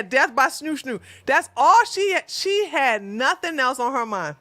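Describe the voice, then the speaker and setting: This livestream host has a high-pitched voice captured in a dry recording. She's casual and animated with her audience, frequently laughing and responding to what the chat says.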